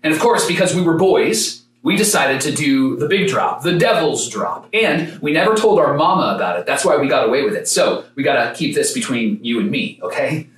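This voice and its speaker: A man preaching a sermon, telling a story with dramatic pauses and sometimes rising to a shout. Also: on the high side, expressive, reverberant, recorded from a distance, poor audio. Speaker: pastor.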